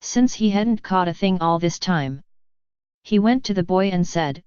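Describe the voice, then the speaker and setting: A woman narrating a series of jokes in an even, unhurried read-aloud manner. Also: on the low side, smooth, no room sound, lo-fi sound. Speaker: joke reader. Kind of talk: scripted joke narration.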